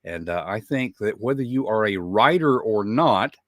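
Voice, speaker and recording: A man's voice: on the low side, lively intonation, normal speed, dry recording, studio quality. A man with a Southern American accent, hosting a live show, chatting in a folksy way with a lot of "uh" fillers. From Southern United States. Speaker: podcast host.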